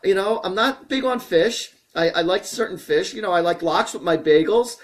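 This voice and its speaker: A man hosting a live stream, chatting loosely and cracking jokes as he answers questions. His voice sits a little high for a man, and he gets louder and livelier when something excites him. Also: moderate pace. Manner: chatty, rambling, jokey, animated when excited. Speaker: psychic host answering viewer questions. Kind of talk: casual live-stream talk.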